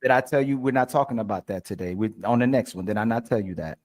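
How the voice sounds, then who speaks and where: A man's voice: lowish voice, fast, a little mellow. A man in a played debate clip, explaining his point earnestly, with some hesitations. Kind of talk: casual debate talk.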